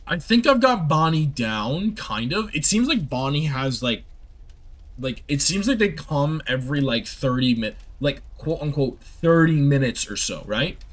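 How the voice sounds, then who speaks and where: A man's voice: on the high side, animated, a little slow. A young man giving rambling, exasperated live commentary while he streams a game and talks to his chat.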